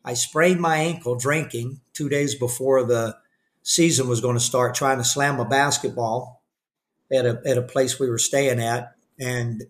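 A man's voice: medium pitch, fairly even intonation, unhurried. An older man telling a candid story in an interview, rambling with restarts and fillers. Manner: acts out the voices of people he quotes; candid and self-deprecating. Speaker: podcast guest.

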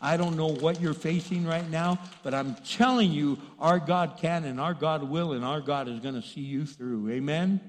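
A middle-aged man from Texas preaching in a large church, his voice sitting high for a man. He swings between quiet, confiding asides and loud, fired-up bursts. A long reverb trails every phrase around the packed hall. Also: moderate pace, hardly any pauses. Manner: animated preaching, swinging from hushed to shouting. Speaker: pastor. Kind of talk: sermon.

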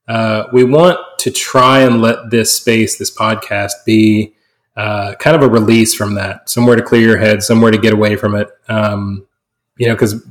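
Male podcast host, casual and earnest, halting delivery, lowish voice.

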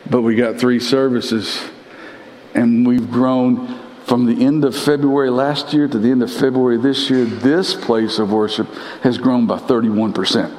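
Animated preacher in a reverberant church. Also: male voice, measured pace. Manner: animated preaching with big pitch swings, repeats words for emphasis. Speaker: pastor. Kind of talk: sermon. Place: large church sanctuary. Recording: long church-hall reverb.

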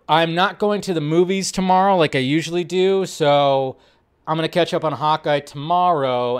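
A man's voice: on the high side, smooth. Rambling chatty man hosting a live stream. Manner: rambling, chatty, many restarts and asides to chat. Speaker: host of a live movie show. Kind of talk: casual live-stream chat.

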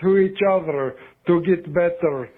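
A man calling in to a show, rambling and swearing in a casual rant, now and then yelping out loud. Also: measured pace. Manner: profane, rambling, breaks into high shouted yelps. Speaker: caller. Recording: phone line.

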